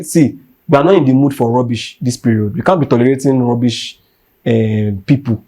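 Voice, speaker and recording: Speaking Nigerian English in a warm, mid-range voice, this young podcast host talks a little fast as he rants with heat and emphasis. He hammers his points by repeating them.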